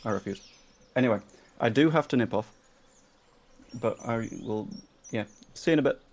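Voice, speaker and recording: A man's voice: medium pitch, normal speed, a little mellow. Dry-joking young man on a call. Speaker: guest friend on call. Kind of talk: casual chat.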